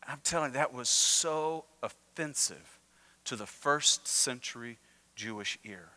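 Bright-voiced pastor preaching in a reverberant church. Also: male voice, mid-range voice, expressive, measured pace. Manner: conversational, engages the congregation with questions. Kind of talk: sermon. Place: church sanctuary.

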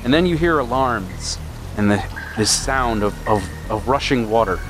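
Running a tabletop role-playing game as game master, a man narrates haltingly, repeating words. His mid-range voice is animated and heard over music.

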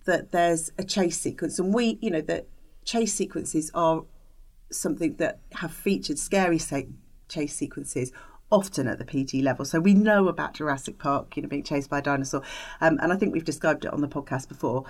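A woman's voice: deep voice, normal speed. A woman co-hosting a podcast, talking in a thoughtful, hesitant way with many fillers and restarts. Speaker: podcast co-host discussing film ratings. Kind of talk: casual podcast discussion.

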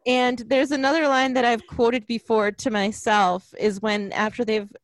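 A woman's voice: a little high, moderate pace, no echo. A woman talking casually about a movie, quoting characters with a raised voice. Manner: animated, quotes characters in a raised voice.

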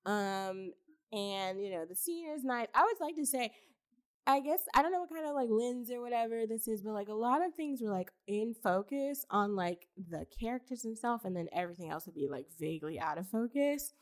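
A young woman's slightly high, animated voice moves at normal speed as she co-hosts a casual podcast review of a film. She laughs often, swears, and leans heavily on fillers.

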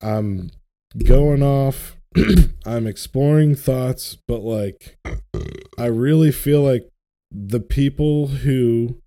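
Young man, podcast co-host, slow deliberate delivery, profane impassioned rant. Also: mid-range voice, dark tone. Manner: ranting, profane, passionate about faith. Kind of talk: casual podcast chat.

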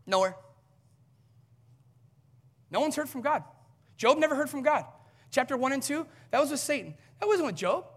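A male pastor delivering an impassioned sermon, often rising toward near shouting. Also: very high-pitched, big pitch swings, moderate pace, long pauses.

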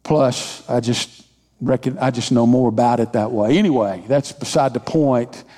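In a large hall with long reverb, a senior pastor preaches at a moderate pace in a mellow, mid-range voice. He speaks with emphasis, repeats phrases, and draws the congregation into call-and-response.

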